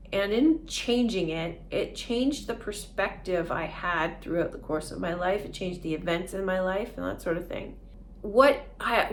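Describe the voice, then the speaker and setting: A woman vlogger talking casually and earnestly through a self-help idea, often laughing as she explains. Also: mid-range voice.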